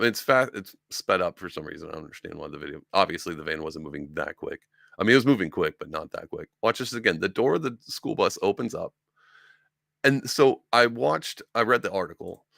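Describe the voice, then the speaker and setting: A young man from upstate New York with a low, gravelly voice talks through the news in a loose, rambling way. He slips into mocking voices of the people he talks about. His voice sounds dry and close, with no room around it. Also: bright, forceful tone, dry recording. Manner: rambling, conversational, mocking impressions of others. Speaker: podcast host. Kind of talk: casual political commentary.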